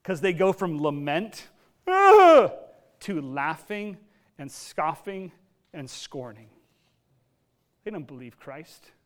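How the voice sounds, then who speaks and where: A male pastor delivers a sermon in a lively storytelling manner, with casual asides along the way. His voice sits a little higher than most men's. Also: takes it slowly, pauses often.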